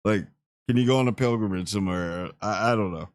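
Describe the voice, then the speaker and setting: Male host, low-pitched, talking loose and slangy through a spoiler review in a dry room. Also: a little fast, no echo. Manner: rambling and slangy, with playful asides.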